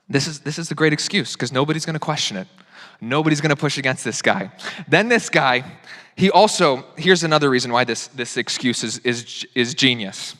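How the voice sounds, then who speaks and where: A young adult man preaching a sermon as pastor, animated and self-mocking, acting out people's excuses in different voices. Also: mid-range voice, fast. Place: church sanctuary. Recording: long hall reverb.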